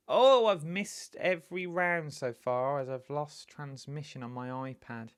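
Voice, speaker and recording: A man's voice: fairly high pitch, a little slow, hardly any pauses, clear, resonant tone, dry recording, studio quality. A man hosting a live-streamed quiz, talking to viewers in a chatty, rambling way with lots of asides. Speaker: quiz host.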